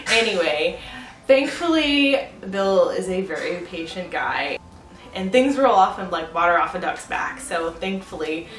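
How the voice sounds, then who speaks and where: A young woman talks casually to the camera, laughing often and scattering "like" and "um" through her speech. Her voice sits a little low, and it carries an echoey room sound with faint background noise. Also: fairly bright tone, distant mic. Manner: chatty, laughs often, many fillers like "like" and "um". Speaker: pregnancy vlogger. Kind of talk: casual chatty vlog.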